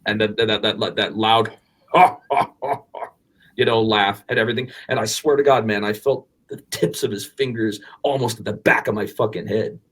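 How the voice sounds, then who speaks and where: Podcast co-host in his forties, lowish voice, animated storyteller who restarts sentences and swears casually. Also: a little fast. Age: 40s.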